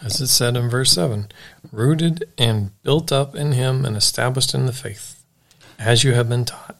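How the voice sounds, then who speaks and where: Gravelly man discussing scripture. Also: medium pitch, a little slow, fairly bright tone. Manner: adds affirmations and scripture. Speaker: Bible study co-teacher. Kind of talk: Bible study discussion.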